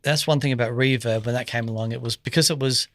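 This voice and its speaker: A man's voice: medium pitch, steady tone, fairly bright tone, no echo. Playful man hosting a gear show. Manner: enthusiastic, playful, drawn-out musing. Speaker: host. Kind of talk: casual chat.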